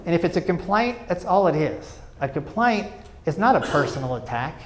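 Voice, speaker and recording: A middle-aged man spins self-mocking stage stories in a fairly high voice. He talks in an animated, chatty way and keeps turning to the crowd with asides. A faint hiss sits under him. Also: normal speed. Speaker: stand-up comedian. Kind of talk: stand-up storytelling. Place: stage before a live audience.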